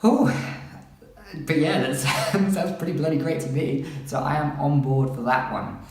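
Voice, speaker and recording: A man's voice: fairly high pitch, moderate pace. A man chatting casually as a book vlogger, rambling through the books he is looking forward to and reading their synopses aloud. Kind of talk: casual chat about upcoming books. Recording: very echoey room.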